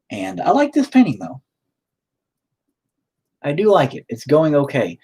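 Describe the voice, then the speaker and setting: A man's voice: mid-range voice, very animated, a little slow, pauses often, darkish tone, husky. A man chatting casually while he paints, rambling, swearing often and talking to himself. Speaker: painting streamer.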